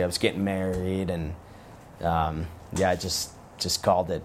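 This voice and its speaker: Deep-voiced man telling relaxed stories. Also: normal speed, slight background noise. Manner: relaxed, rambling with frequent restarts. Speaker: guest, former pro football player. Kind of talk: casual interview storytelling.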